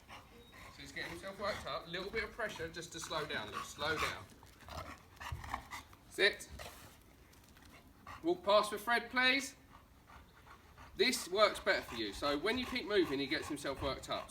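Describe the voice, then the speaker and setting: A calm man with an Essex accent explains dog training on a street and gives short firm commands like a coach. His voice sits fairly high for a man. He is recorded from some distance by the camera, with clear outdoor noise behind him. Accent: Essex English. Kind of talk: on-location training instruction. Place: outdoors on a street during a home visit.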